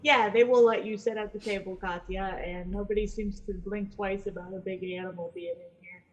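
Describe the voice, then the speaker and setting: A woman's voice: mid-range voice, steady tone, brisk. A woman running a tabletop game as game master, narrating in an easygoing way with frequent laughs. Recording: dull lo-fi sound with faint music.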